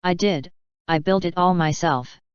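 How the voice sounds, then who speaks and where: Ai woman voice doing bratty rich pony kid showing off, super clear. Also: on the low side, measured pace, no room sound, lightly acted. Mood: snobbish. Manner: snobbish, boastful. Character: spoiled bragging rich pony schoolgirl. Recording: slightly dull lo-fi audio.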